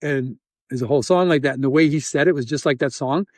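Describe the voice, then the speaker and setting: A Canadian man telling a story in an interview, acting out scenes with sound effects and halting restarts. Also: medium pitch, no room sound, studio quality. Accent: Canadian English. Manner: animated, acts out scenes with sound effects and quoted voices. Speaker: interview guest, volunteer.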